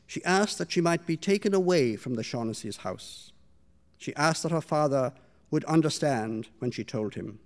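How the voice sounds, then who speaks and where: Measured man reading his own story. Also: on the high side, a little mellow. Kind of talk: literary reading to an audience. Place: stage before a live audience.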